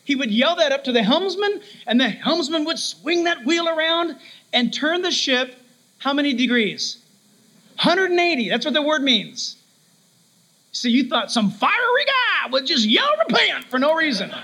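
Man, preacher, sermon, very high pitch, animated, acts out voices in stories. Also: poor audio.

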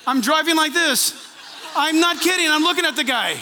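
A male pastor delivers his sermon with lively, story-driven energy, acting out little conversations as he goes. His voice sits very high and rings sharp and bright. The sound carries a long reverberant trail from a large hall. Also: a little fast, a little hiss or hum. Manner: animated storytelling, acts out conversations.

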